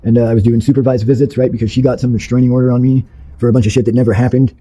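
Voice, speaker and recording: Fast-talking husky man, blunt and profane. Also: mid-range voice, little pitch movement, warm tone, poor audio. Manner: blunt and profane, with many fillers; rambling, restarting sentences. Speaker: interviewee. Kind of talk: candid personal storytelling.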